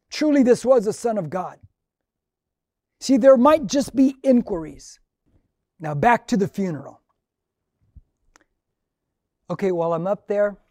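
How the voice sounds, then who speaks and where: A man's voice: high voice, dark tone, dry recording, clean studio sound. An older male pastor of Mexican heritage telling a story in a conversational, earnest sermon, acting out the dialogue.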